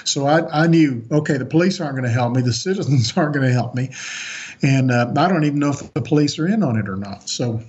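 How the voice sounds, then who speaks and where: A man's voice: mid-range voice, lively intonation, fast talker, darkish tone, lo-fi sound, slight background noise. A man on a podcast as a guest, earnestly recounting a personal story with frequent restarts.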